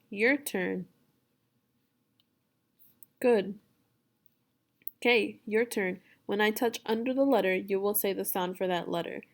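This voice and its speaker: Very slow, deliberate woman teacher. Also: mid-range voice, creaky. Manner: slow, deliberate, sounding out words. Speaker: second grade teacher. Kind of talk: phonics lesson for children.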